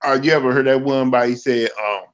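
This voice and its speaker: A man chatting casually, pausing with frequent ums as he retells jokes. His voice sits in the middle of the range. The recording sounds dull and lo-fi. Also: medium pitch, steady tone. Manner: hesitant, many ums. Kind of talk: casual chat.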